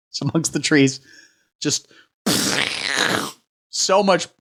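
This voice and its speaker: A man hosting a satirical livestream, riffing crudely in a rambling, deadpan way while he reads the chat. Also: a little high. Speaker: livestream host. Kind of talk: satirical livestream comedy rant.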